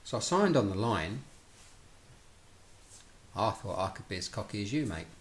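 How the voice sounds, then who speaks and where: A middle-aged man speaks at a moderate pace in a voice on the low side, with slight background noise present. Telling his life story, he is animated, acting out both speakers in conversations and restarting many times.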